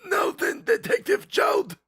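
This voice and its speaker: A theatrical older man from a video game, his voice pushed high and tight in the throat, as a streamer puts him on. He delivers each line with exaggerated drama, and his pitch leaps up and down. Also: big pitch swings, slow pace, creaky, fairly bright tone, full character voice. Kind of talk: game dialogue read aloud.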